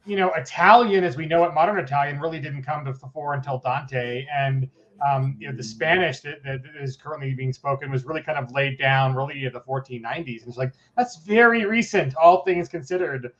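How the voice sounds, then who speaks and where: Rambling host on dull, lo-fi audio. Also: male voice, mid-range voice, a little fast, a bit bright. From Colorado, US. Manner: rambling, many fillers and restarts, joking. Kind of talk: casual video chat interview.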